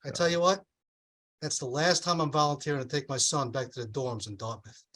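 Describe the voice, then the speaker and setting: A middle-aged man delivering a stand-up comedy set, telling deadpan one-liners and acting out the voices of the people in his stories. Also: fairly high pitch, a little fast. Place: comedy club stage with audience laughter.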